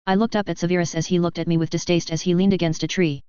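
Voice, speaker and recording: Even-toned woman reading a story. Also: lowish voice, quick pace, smooth, no echo. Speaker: narrator. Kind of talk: fan fiction audiobook reading. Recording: dull dry lo-fi audio.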